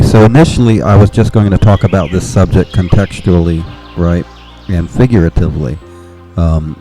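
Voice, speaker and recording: Male podcast host, low and very mellow, rambling delivery, faint music under him. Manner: rambling, with restarts and nervous laughs. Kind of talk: casual monologue.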